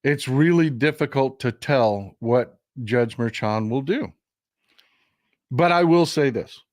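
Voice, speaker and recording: A man's voice: medium pitch, slow, dry recording. Emphatic man hosting political commentary. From Texas. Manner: emphatic, repeats and restarts words, addresses viewers as folks. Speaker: livestream host.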